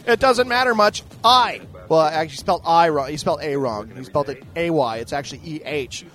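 A man hosting a podcast in a casual, profane rant, animated and mock-boastful, swearing freely. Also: a little high, a little fast, hardly any pauses, soft background music. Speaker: podcast host.

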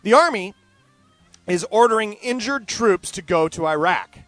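A man hosting his own show, reading out news stories and commenting on them, animated and sardonic, swinging between loud outbursts and muttered asides. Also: high voice, measured pace, no room sound, soft background music. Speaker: podcast host.

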